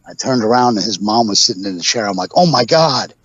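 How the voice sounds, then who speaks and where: A man's voice: on the low side, steady tone, fast talker, fairly bright tone, slightly rough, dry recording. A man telling road stories as a podcast guest, rambling through anecdotes full of fillers. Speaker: podcast guest, pro wrestler. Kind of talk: casual storytelling interview. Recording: dull lo-fi podcast audio.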